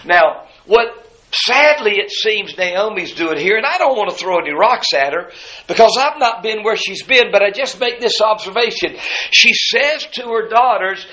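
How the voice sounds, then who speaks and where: A man preaching a sermon, moving between hushed asides and loud, high-pitched emphasis. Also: lively intonation, normal speed, reverberant, rough recording. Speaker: pastor.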